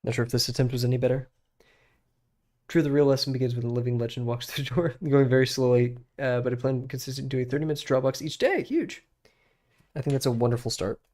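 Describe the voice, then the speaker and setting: A man's voice: medium pitch, fast talker. A young man streaming his drawing practice, chatting casually to himself and to chat with lots of fillers. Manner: relaxed, rambling, talks to himself and to chat with many fillers.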